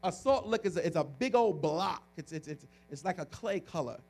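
A male pastor preaching a sermon, telling a story in an animated, chatty way with frequent restarts and laughter. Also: high voice, normal speed.

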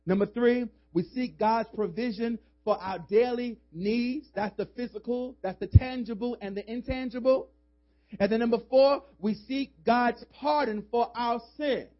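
A male pastor preaching a sermon with emphasis, swinging from shouts to hushed asides. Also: very high-pitched, a little slow, soft background music. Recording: dull lo-fi recording.

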